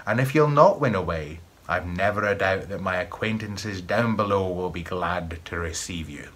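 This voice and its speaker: A man's voice: sits low, moderate pace, fairly bright tone. A man with a Scottish accent voicing a sly, sinister old male wizard who runs a school of magic. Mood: menacing.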